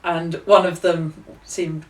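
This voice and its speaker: A young woman telling stories as an author guest in a relaxed interview, laughing often and acting out quoted voices. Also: on the low side, slow pace, distant mic. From England. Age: young adult. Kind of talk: casual interview storytelling. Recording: echoey room, voice off mic.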